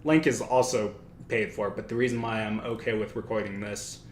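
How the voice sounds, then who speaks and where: A man with a lowish voice talks casually on a study livestream, wandering through his thoughts and stopping to correct himself. His voice rings in an echoey room with a faint hiss of noise behind it. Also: steady tone, normal speed. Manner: rambling, self-correcting, thinks aloud. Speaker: livestream host. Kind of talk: casual study-stream talk.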